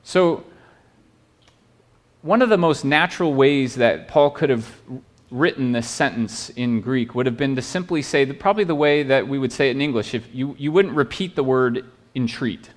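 A male pastor delivers a sermon in an earnest, pleading way. His voice sits at a middle pitch, and he often restarts phrases and checks in with the listeners with "right?". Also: moderate pace.

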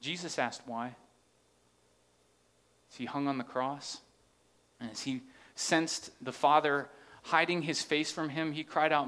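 A man's voice: a little high, fairly even intonation, measured pace, fairly bright tone. A man preaching a sermon, earnest and rising into impassioned questions as he reads scripture. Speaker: pastor.

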